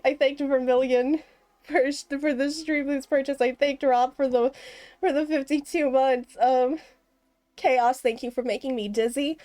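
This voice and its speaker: A woman's voice: sits high, darkish tone, dry recording. A woman streamer chatting casually on a live stream, rambling and giggling, out of breath.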